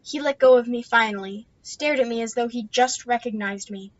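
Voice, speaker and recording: Woman reading a book out loud, kinda high voice, muffled dry audio. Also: moderate pace. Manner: steady first-person narration. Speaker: book reader. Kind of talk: reading a novel aloud.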